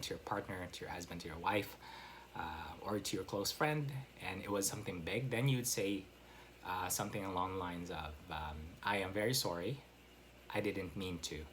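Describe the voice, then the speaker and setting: A man with a fairly low voice teaches an English lesson in a loose, conversational way. He leans on fillers and keeps checking in with his listeners as he explains. A faint hum of room ambience sits behind him. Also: a bit bright. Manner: explains step by step with many fillers and "right?" checks. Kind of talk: casual online English lesson.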